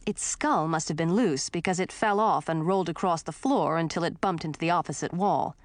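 A woman reading a fantasy story aloud as narrator, in a clear storytelling read. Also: lowish voice, a little fast, no room sound. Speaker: audiobook narrator. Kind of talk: scripted narration.

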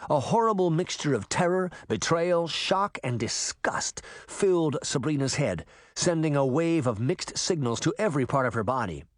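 A man narrating a story aloud with expressive storytelling. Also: on the high side, moderate pace, no room sound, studio quality. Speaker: audiobook narrator. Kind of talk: scripted narration.

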